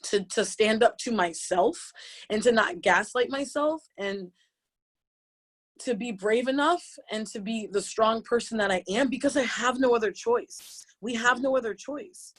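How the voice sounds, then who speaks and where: Late-20s woman crying while she talks, kinda high voice, keeps restarting, really impassioned. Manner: impassioned, halting with repeated restarts. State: crying, tearful. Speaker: yoga teacher, panelist. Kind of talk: emotional personal testimony on a panel.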